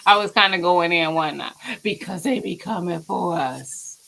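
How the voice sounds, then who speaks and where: A woman hosting a home cooking channel, chatting casually and trash-talking her football team in an animated way. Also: lowish voice, normal speed, vocal fry, rough recording. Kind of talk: casual livestream chat.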